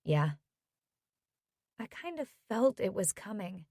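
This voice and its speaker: A woman reading a soft, glum young woman. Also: medium pitch, big pitch swings, takes it slowly, gravelly, slightly rough, dry recording, clean studio sound, heavily acted. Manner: soft, wry, downcast.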